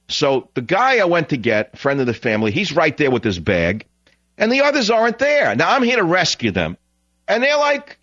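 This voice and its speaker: A man hosting a talk radio show, telling a long rambling anecdote with lively put-on quotes. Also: mid-range voice, no echo, muffled recording. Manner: rambling, animated anecdote teller. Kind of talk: talk radio monologue and storytelling. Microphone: close studio mic.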